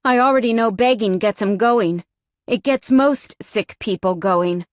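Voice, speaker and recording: A woman's voice: medium pitch, unhurried, no room sound. A woman narrating a first-person audiobook in a tense, frightened tone, recorded close on a studio mic.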